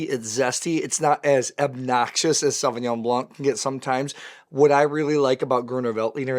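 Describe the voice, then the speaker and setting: A man with a weakened voice from recent voice loss, presenting a wine tasting in an enthusiastic, conversational way. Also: medium pitch. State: weak voice from lost voice. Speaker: wine educator.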